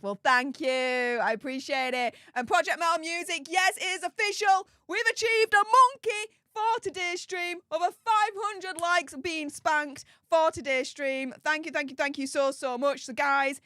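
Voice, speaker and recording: A woman's voice: sits high, moderate pace, few pauses, pushed and bright, dry recording, clean studio sound. A woman hosting a live stream, reading out super chats and thanking viewers over and over in a bubbly way. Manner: bubbly, repeats thanks many times.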